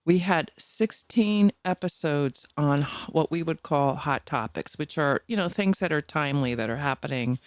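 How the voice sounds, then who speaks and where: A woman's voice: deep voice, lively intonation, moderate pace, few pauses, no echo, studio quality. A woman in her sixties with a Boston accent, co-hosting a podcast in bubbly casual chat and laughing often. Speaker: podcast co-host.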